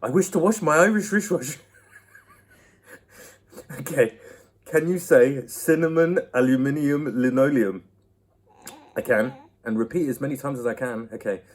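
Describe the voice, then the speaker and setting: A man's voice: medium pitch, unhurried, pauses often. A young man, host of his own channel, answering viewer questions in a playful, laugh-filled chat at home into a laptop mic. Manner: playful, laughs often, chats to a baby.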